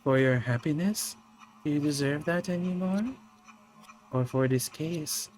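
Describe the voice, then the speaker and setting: Man reading a haunting dead woman, hushed, accusing, game character voice. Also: on the high side, unhurried, lightly acted, poor audio.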